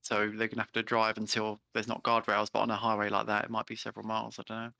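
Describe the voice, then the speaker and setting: A man co-hosting a casual podcast chat, measured and thinking aloud. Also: fairly low pitch, monotone, creaky, pushed and bright, dry recording, clean studio sound. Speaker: podcast co-host.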